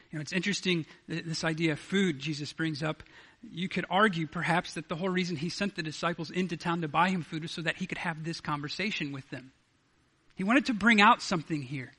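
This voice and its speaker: A male pastor preaching an earnest sermon in a bright, fairly high voice. He often stumbles into restarts and repeated words as he builds his point. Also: brisk, slightly rough.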